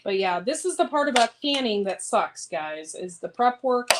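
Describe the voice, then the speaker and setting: A woman's voice: on the high side, sing-song, normal speed. A woman chatting casually on a homesteading vlog, rambling and answering viewer comments while she cuts beans in her home kitchen. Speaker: homesteading vlogger. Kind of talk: casual livestream chat. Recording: clear background noise with clicks.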